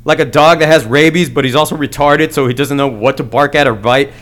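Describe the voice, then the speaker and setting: A man's voice: medium pitch, a little fast, a bit bright. Male solo podcast host; crude, rambling comic rant with lots of stammering restarts.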